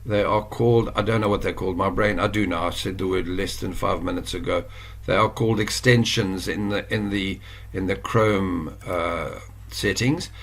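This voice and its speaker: A South African man walks through an online course lesson in a relaxed, chatty way. His voice sits a little low. He wanders off on asides and corrects himself mid-sentence. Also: moderate pace. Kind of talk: casual screen-share tutorial.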